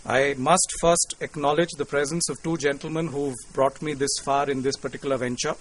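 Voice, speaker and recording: A man with an Indian English accent giving a formal, courteous public lecture to an audience, measured and lightly humorous. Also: medium pitch, fairly even intonation, poor audio. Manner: courteous, measured, with cricket quips. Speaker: invited lecturer. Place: lecture hall.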